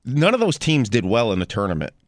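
A man's voice: mid-range voice, wildly swooping pitch, fairly quick. A man co-hosting sports talk radio, arguing his points with betting odds.

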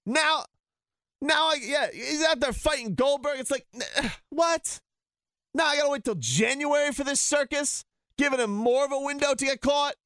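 A man's voice: extremely high pitch, fairly bright tone, no echo, studio quality. A man ranting heatedly and sarcastically as a sports talk host.

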